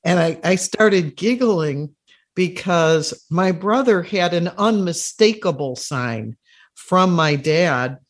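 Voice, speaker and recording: An interview host sharing a story in an unhurried, warm conversational way. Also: mid-range voice, expressive.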